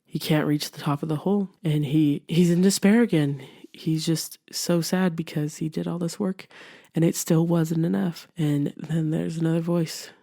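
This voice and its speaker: A woman's voice: low voice, fairly even intonation, moderate pace, vocal fry, dark tone. A young woman hosting a podcast, giving an earnest, encouraging self-help talk in a conversational way. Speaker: podcast host.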